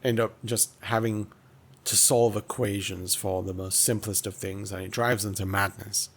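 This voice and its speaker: Male podcast host, low-pitched, rambly and stammering, easygoing comedic banter over a call. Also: fairly even intonation, moderate pace. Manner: rambling, stammers with repeated words. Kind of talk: casual comedic chat.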